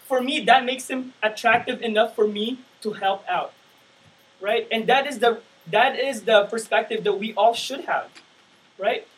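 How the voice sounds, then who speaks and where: A man's voice: sits high, fairly bright tone, far from the mic, rough recording. A man preaching a sermon in a conversational way, often asking his listeners "right?".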